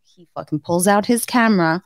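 A woman in her thirties co-hosts a podcast, talking fairly quickly in a dry, studio-quality recording. She's an animated storyteller sharing a birth story in casual chat, jumping to a sudden high pitch whenever she acts out quotes.

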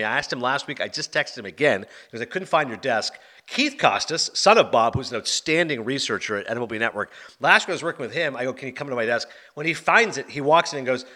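A man hosting a movie podcast, chatting casually and telling quick anecdotes. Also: medium pitch, bright, forceful tone. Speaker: podcast host.

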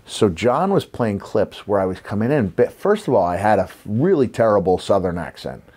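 A former wrestler in his fifties with a slight New York accent hosts a podcast, telling stories in a reflective, rambling way stuffed with fillers in casual chat. His fairly low voice is sing-song and a little mellow, at normal speed.

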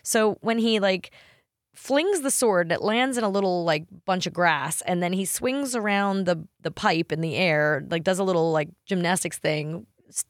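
A woman's voice: lowish voice, normal speed, no room sound, studio quality. A woman hosting a podcast, retelling scenes animatedly with lots of "like" fillers. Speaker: podcast host. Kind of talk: casual podcast chat.

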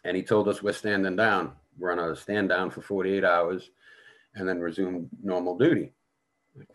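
A man's voice: low voice, fairly quick. A man telling a war story in casual talk, blunt and full of profanity. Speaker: guest.

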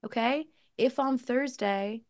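Lady podcast host, super animated storytelling, does little voices for quotes. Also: fairly high pitch, slow pace. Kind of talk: casual chat.

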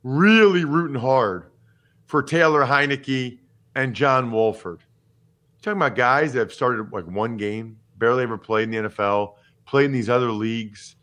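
A former pro football player in his forties hosts a sports podcast, speaking at medium pitch and a moderate pace. He talks casually and animatedly with strong opinions, jumping from topic to topic.

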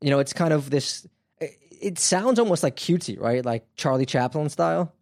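A man hosting a podcast, telling a crime story in a casual, animated way with frequent fillers. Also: a little high, normal speed, gravelly, dry recording, clean studio sound. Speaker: podcast host.

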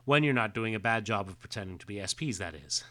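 A man's voice: on the low side, fast. A man co-hosting a casual podcast, reading comic dialogue aloud with frequent hesitations. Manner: relaxed, hesitant with fillers, reads quotes plainly. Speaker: podcast co-host.

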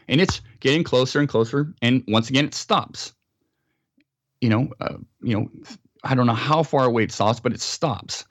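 A man's voice: medium pitch, moderate pace, no echo. An American man, a podcast guest, telling a story in a casual interview and acting out sounds and quotes.

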